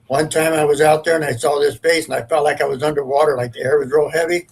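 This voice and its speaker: A man with a husky, slightly high voice tells a ghost story. He is a paranormal investigator and talks in an earnest, rambling, casual way. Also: little pitch movement, fast talker, rough recording.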